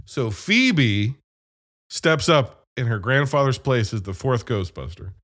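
A man chatting casually about a movie, animated and profane, retelling scenes as he goes. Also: mid-range voice, slow pace. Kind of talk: casual movie review chat.

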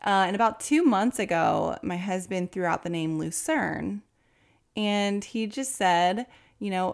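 A woman's voice: medium pitch, measured pace, vocal fry. A woman in her thirties, a podcast host, telling a personal story to her listeners in a chatty way, laughing often. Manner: chatty, laughing, animated when quoting others.

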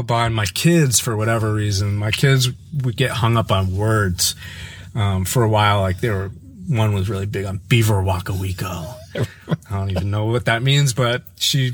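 A man appears as a podcast guest, sharing personal stories in casual, animated conversation. He's playful and jumps into high voices to mimic his kids, but turns halting when reflective, often stopping and restarting.

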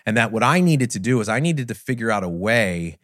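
Man, middle-aged, podcast host, candid, animated, lowish voice, dry recording. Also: a little fast, no echo. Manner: earnest, candid, animated retelling. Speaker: podcast host and business trainer. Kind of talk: personal storytelling monologue.

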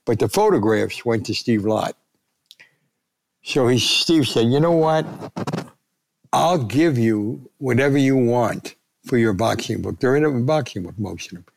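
As a guest, this retired sports columnist, an older man, shares stories with a gravelly, mid-range voice that's expressive and measured. He mimics the voices of everyone he quotes.

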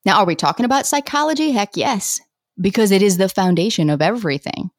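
A woman hosting a solo podcast, teaching with energy and acting out her listeners' complaints in quick voices. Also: medium pitch, dry recording, studio quality. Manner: animated, acts out listeners' voices. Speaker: podcast host and coach.

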